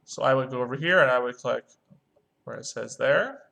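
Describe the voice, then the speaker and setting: 中音男老师，声音略带沙哑. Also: male voice, mid-range voice, normal speed, vocal fry, sharp tone. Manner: talks through clicks step by step, chants rhythm syllables. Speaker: music teacher. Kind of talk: screen-recorded online lesson.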